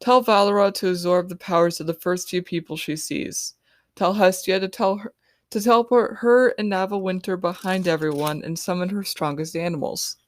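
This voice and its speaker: A woman voicing a young female team leader who gives quick, quiet orders. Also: fairly low pitch, fairly even intonation, no room sound, studio quality, close to an everyday voice. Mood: urgent. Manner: hushed, hurried orders.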